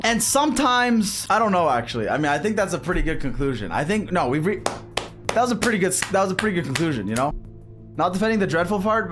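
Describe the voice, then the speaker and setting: A young man from Canada telling a rambling story while gaming on stream, swearing freely and animated. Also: sits high. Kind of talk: casual gaming stream chat.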